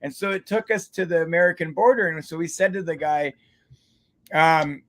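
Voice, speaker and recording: A man's voice: fairly high pitch, moderate pace, vocal fry. A man from Canada hosting a casual after-show chat, telling laid-back stories and laughing often. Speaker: show host. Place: home.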